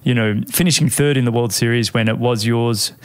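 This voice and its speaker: A man's voice: mid-range voice, fairly even intonation, fairly quick, clear, resonant tone, no room sound. Chatty male podcast host, dry sound. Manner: friendly, chatty, says "mate". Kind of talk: casual interview chat.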